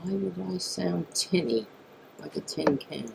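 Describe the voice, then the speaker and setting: A woman's voice: fairly low pitch, animated, unhurried, vocal fry, background noise. A woman hosting a live political talk stream, reading news items and making blunt, profane asides, on a mic that sounds tinny. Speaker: political talk show host.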